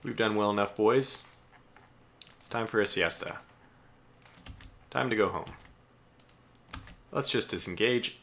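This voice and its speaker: A man giving live gameplay commentary as a streamer, chatty and excitable, talking aloud to the ships he commands. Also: on the low side, unhurried, long pauses.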